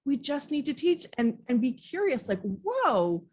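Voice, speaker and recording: A woman's voice: high voice, normal speed, dark tone. A woman parenting coach speaking earnestly and with animation in an interview, often acting out how she talks to children. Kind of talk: interview conversation.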